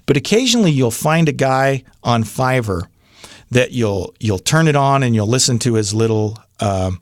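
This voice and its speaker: A middle-aged man explains voiceover basics in a relaxed, genuine tutorial voice. His pitch moves a lot as he talks. The sound is close and dry, with no room echo. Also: moderate pace. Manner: conversational and genuine, with frequent fillers and restarts. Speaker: voiceover coach. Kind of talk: casual tutorial talk to camera.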